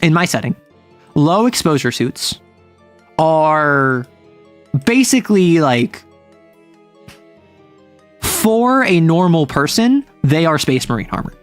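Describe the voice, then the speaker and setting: Animated man retelling a game session. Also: a little high, slow pace, pauses often, faint music behind. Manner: rambling, animated storytelling. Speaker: streamer and game master.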